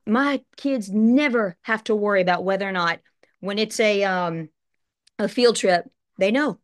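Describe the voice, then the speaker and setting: A woman's voice: mid-range voice, fairly bright tone. A woman in her late thirties telling her own story earnestly in a motivational talk, addressing listeners with conversational asides. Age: late 30s. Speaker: life insurance brokerage partner.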